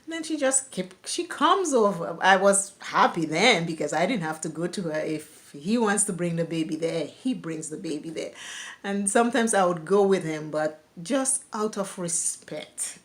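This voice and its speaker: A woman's voice: fairly low pitch, expressive, normal speed. A young woman vlogger telling her own life story candidly, laughing now and then while recalling hard memories. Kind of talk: personal storytelling.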